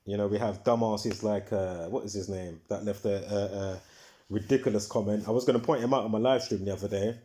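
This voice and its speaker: A man's voice: fairly low pitch, fairly even intonation, fairly quick, dark tone. A man hosting his own video, talking in a casual rambling monologue, full of fillers and repeats, who swears when heated. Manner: repetitive, filler-heavy, restarts often. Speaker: video host.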